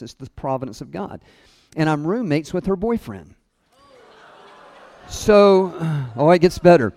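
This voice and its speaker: A middle-aged man tells a story in a sermon with self-mocking humor, his voice sitting a little high for a man. He laughs easily between lines and goes quiet and soft when the story turns tender. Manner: chuckles often, voice drops low and soft at tender moments. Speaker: speaker at a college chapel.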